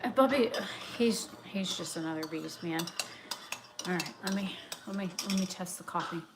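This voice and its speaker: A woman's voice: lowish voice, moderate pace. A young woman chatting casually during a live stream from her kitchen, rambling and going off on tangents. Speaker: vlogger. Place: home kitchen. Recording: home recording with clear background noise.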